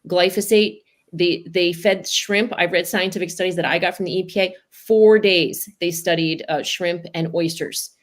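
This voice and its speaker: A woman's voice: lowish voice, steady tone, moderate pace. A woman hosting a podcast, wrapping up the episode with an earnest personal story. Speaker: podcast host.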